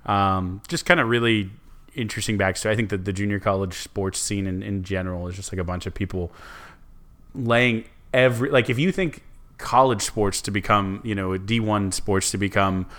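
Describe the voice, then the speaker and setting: Rambling low-voiced man on a podcast. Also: normal speed, a bit bright. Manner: rambling, restarts often, many "like"s and "um"s. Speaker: podcast co-host. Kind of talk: casual podcast chat.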